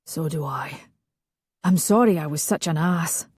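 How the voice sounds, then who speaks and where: A stubborn Highland laird, murmuring low and slow with a wry, teasing edge, as a woman reads him in an audiobook. The voice is husky and mellow, each word drawn out without haste. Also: no echo, studio quality. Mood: tender.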